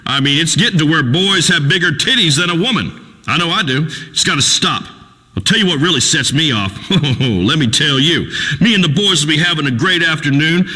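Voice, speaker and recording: A crude, pompous radio host, booming through a long hall reverb. His voice rides high and bright, swinging up and down as he blusters in folksy broken grammar. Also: animated, fairly quick, heavily acted. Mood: ranting. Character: crude redneck male talk radio host. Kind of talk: comedic radio talk show acting.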